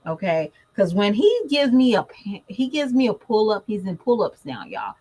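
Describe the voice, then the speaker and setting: Woman, casual vlogger mom, animated, chatty, speaks straight to her audience. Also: medium pitch, normal speed, slightly rough, poor audio. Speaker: mother vlogger. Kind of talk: casual chat to camera.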